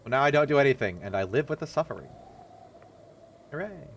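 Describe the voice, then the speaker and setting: A man's voice: expressive, a little fast, creaky, slight background noise. A man streaming a horror game, talking casually and profanely while he plays. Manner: loose, profane running jokes with sudden pitch jumps. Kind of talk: casual gameplay commentary.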